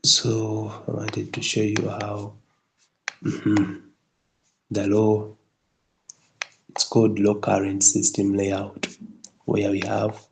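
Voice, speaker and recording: A man with a fairly low voice leads a live tutorial on building design. He keeps checking in with his listener and often restarts his phrases. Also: vocal fry, darkish tone, slight background noise, low-quality recording. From Kenya. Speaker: instructor.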